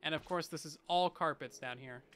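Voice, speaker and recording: A male streamer speaks fairly quickly in a voice on the high side, a bit bright and clean-toned. He chats casually and playfully with viewers during a gameplay livestream, with occasional mock panic.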